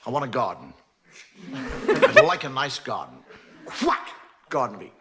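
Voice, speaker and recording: A man's voice: mid-range voice, huge pitch swings, a little slow, pushed and bright, full character voice. A man playing a bored, whimsical God who mutters offhandedly and bursts out with sudden exclamations, in a noisy archival TV recording. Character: bored, whimsical male God making the world.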